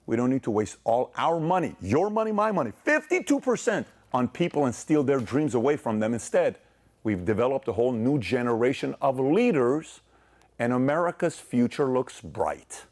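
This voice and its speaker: A man giving a motivational speech, telling a story and acting out its dialogue, swinging from loud to soft. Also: medium pitch, very animated, moderate pace. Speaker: speaker in a played clip.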